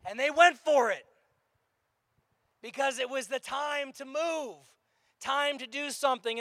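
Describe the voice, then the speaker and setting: A male pastor preaching a lively sermon, sometimes shouting out acted-out lines. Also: very high voice, dry recording.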